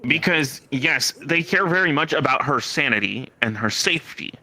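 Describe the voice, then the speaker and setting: A man chatting casually out of character, an animated storyteller. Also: on the high side, normal speed, low-quality recording. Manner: animated storyteller, breaks into laughing shouts.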